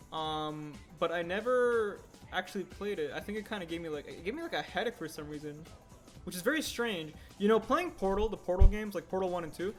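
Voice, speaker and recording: In a casual livestream chat while he works, a man shows his stop-motion animation process, rambling and catching himself mid-sentence. His voice sits high with a fairly bright tone.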